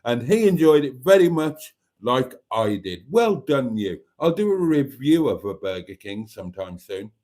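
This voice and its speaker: A man's voice: mid-range voice, big pitch swings, moderate pace, few pauses, a little mellow. A man hosting a casual live stream, chatting and reading viewer comments aloud.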